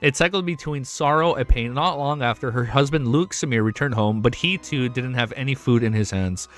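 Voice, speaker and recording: A man streaming live, reading a novel aloud and breaking off into excited, swearing reactions. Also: medium pitch, brisk, faint music behind. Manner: excitable, swears often, sudden loud outbursts.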